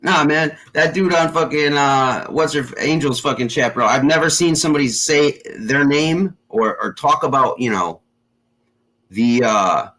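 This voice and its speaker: A man's voice: on the high side, a little slow, pushed and bright, rough recording. A man hosting a casual chat show, rambling with lots of fillers and constant swearing. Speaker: show host.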